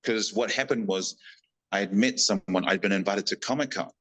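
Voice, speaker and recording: A man's voice: fairly low pitch, normal speed, low-quality recording. A man with a New Zealand accent, a podcast guest telling casual stories and acting out the people in them. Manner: animated, acts out quoted people in lively voices. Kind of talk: casual storytelling.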